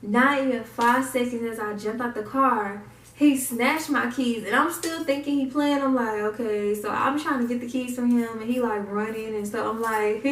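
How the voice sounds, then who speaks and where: A woman's voice: a little high, vocal fry, far from the mic, slight background noise. A young woman telling a personal story, acting out what people said. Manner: animated retelling, acts out quotes. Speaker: vlogger. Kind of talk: casual storytime. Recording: echoey room, mic set back.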